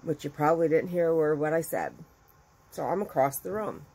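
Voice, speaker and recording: A middle-aged woman with a slightly low-pitched voice chats casually with her viewers. She tells stories with lots of animation and acts out what other people said, jumping up sharply in pitch. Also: fairly quick, slightly rough, poor audio. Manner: chatty and animated, acting out quotes with big jumps in pitch. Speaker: crochet business owner and video host.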